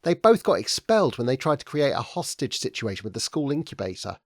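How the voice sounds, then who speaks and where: A man voicing a frank young woman who is sceptical and teasing, speaking briskly in a raised voice. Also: rumbling low, very animated, a little mellow, no echo, studio quality, heavily acted. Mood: wry. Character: wry, frank young British woman, Ben's partner.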